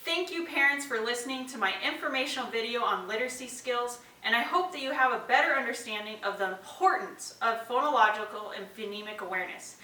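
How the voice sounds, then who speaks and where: A woman's voice: fairly high pitch, fairly quick, few pauses, bright, forceful tone, far from the mic. A woman presenting an instructional video to parents, explaining activities step by step with spoken examples. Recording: echoey room, voice a bit off-mic.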